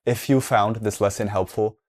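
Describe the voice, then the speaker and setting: A man narrating a scripted English lesson for learners, speaking slowly and carefully and spelling out each form. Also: fairly low pitch, fairly even intonation. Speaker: English teacher.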